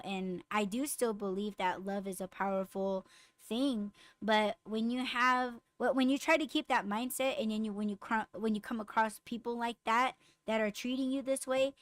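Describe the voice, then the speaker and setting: A woman hosting a podcast, chatting casually and bluntly with lots of swearing, getting raised and animated when riled. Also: on the high side, no echo. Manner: blunt, profane storytelling. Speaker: podcast host. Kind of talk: casual chat with live comments.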